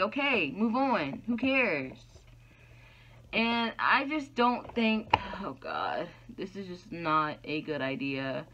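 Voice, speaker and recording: In a dull, lo-fi recording, a female YouTuber gives her frank opinions to camera, raising rhetorical questions only to answer them. She speaks slowly in a sing-song, sharp, medium-pitched voice.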